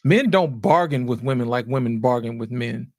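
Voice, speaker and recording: A man's voice: medium pitch, normal speed, a little mellow, no room sound, clean studio sound. A man hosting a casual group discussion, laid-back, often checking in with "you know what I'm saying". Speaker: host.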